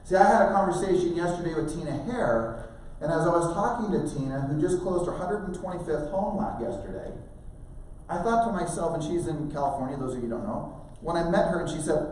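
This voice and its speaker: A man in his forties delivers a motivational talk to a room, slightly high-pitched and animated, acting out the voices in his stories. He sounds far from the microphone in a very echoey hall with a faint hiss. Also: brisk. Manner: animated storytelling, acting out quoted dialogue. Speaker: motivational speaker at a real estate training event. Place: large conference room.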